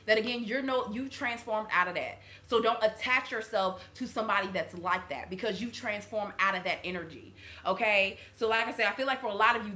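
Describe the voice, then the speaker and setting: Woman doing an intuitive reading, blunt and cussing, bright voice, echoey room. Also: on the high side. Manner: blunt and animated, swears freely, laughs often. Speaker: intuitive reader and channel host. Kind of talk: casual spiritual reading to viewers.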